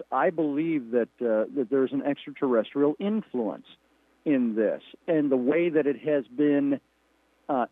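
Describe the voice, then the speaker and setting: A man, a guest on a radio talk show, explaining earnestly over the phone and pausing with fillers. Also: medium pitch, dry recording. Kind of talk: radio interview. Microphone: phone call. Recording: tinny phone line.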